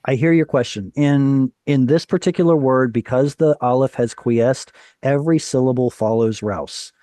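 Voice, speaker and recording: A man's voice: medium pitch, moderate pace, dark tone, no echo. A man teaching a Hebrew reading class over a video call, explaining patiently, quizzing his students and correcting himself as he goes.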